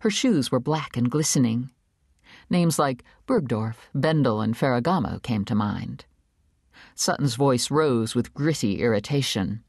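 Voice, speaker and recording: A woman narrating an audiobook in an expressive, measured storytelling manner on a studio microphone. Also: extremely low pitch, husky, no echo. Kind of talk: scripted narration.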